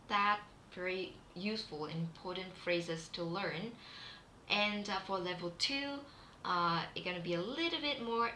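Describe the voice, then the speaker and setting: Vietnamese-accented female teacher, bright unhurried delivery, echoey room with faint hum; chatty livestream lesson. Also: medium pitch. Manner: chatty, with many fillers and restarts. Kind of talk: live-streamed class.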